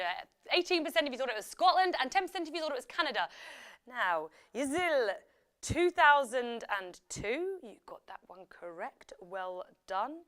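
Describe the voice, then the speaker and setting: A woman's voice: high voice, a bit bright. A woman hosting a live quiz show, chatty and upbeat, reading out questions and results and ad-libbing with fillers and self-corrections. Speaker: quiz host.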